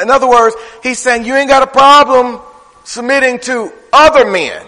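A man preaching a sermon in a conversational style, swinging from loud, high bursts to low, quiet asides. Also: moderate pace. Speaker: pastor. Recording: reverberant hall.

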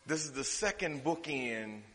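A man preaching a sermon, swinging from loud, drawn-out declarations to hushed, quick asides. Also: mid-range voice, expressive. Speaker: pastor. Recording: reverberant hall.

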